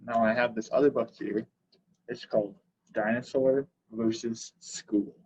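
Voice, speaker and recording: A man reading picture books aloud at a library story time, slow and unhurried, adding short comments of his own. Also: mid-range voice, fairly even intonation, darkish tone, slightly rough, muffled recording.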